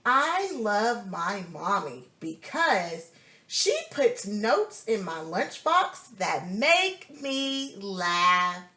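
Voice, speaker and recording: Lady reading a kids picture book, super slow and bouncy, bright voice, echoey room. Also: medium pitch, very animated. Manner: slow, sing-song and encouraging, asking questions. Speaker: storybook reader.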